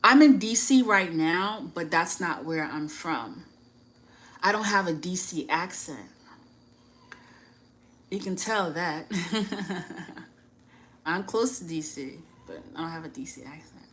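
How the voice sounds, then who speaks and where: Northeast us woman vlogging dating tips, talks slow, chatty, lots of "like", laughs at herself. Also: lowish voice, animated, a bit bright, a little hiss or hum, rough recording. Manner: chatty and frank, many "like" fillers, laughs at herself. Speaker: YouTuber giving dating advice. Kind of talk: casual advice vlog.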